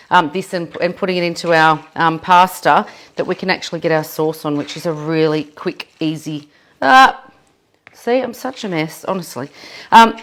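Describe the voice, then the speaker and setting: A woman with an Australian accent leading a live cooking demonstration in a kitchen, chatty and self-deprecating. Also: fairly low pitch. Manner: chatty and self-deprecating, laughs at her own mess. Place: home kitchen.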